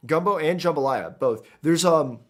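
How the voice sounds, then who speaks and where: A man's voice: fairly high pitch, animated, normal speed, faint music behind. A man streaming a video game, chatting casually in a rambling, jokey way and often tripping over his words. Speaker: gaming streamer. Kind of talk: casual let's-play commentary.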